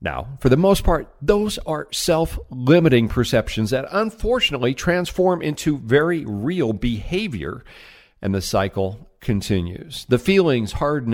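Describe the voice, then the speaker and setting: A middle-aged man giving an energetic, emphatic motivational talk on sales, as a trainer. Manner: energetic, emphatic, varies pitch widely.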